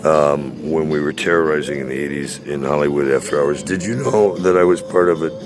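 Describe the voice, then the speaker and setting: Guy in his sixties, really low voice, swearing nonstop, bragging and rambling with lots of uh and um. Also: fairly quick, over music. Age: 60s. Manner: profane, boastful, rambling; many "uh" and "um" hesitations. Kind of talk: casual rant to a friend.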